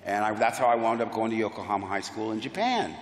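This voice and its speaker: A man's voice: lowish voice, lively intonation, quick pace. A man, a panel guest telling anecdotes in a playful, enthusiastic way with self-deprecating jokes. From United States. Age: 60s. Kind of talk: animated anecdotal storytelling. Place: large convention hall. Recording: roomy hall reverb on PA.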